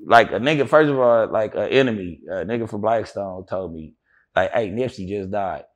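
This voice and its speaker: A man being interviewed, telling a story in an animated way with heavy slang, acting out what others said. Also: fairly low pitch, normal speed. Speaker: interview guest.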